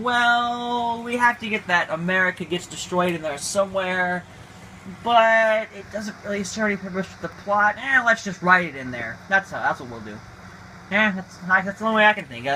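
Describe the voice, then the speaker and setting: A man's voice: high-pitched, sharp tone, a little hiss or hum, poor audio. A man giving a casual, emphatic opinion monologue, ranting with frequent restarts. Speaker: video creator.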